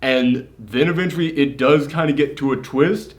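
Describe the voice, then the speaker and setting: A young man co-hosting a casual movie review chat, excitable and swearing freely as he acts out quotes. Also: mid-range voice, normal speed. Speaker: co-host of a movie review show.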